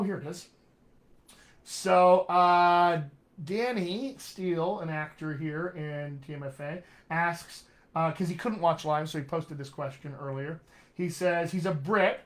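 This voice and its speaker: A man's voice: fairly high pitch, unhurried. A man coaching actors lesson, upbeat and encouraging, talking straight to his viewers as friends. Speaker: dialect coach. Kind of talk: live-streamed accent lesson.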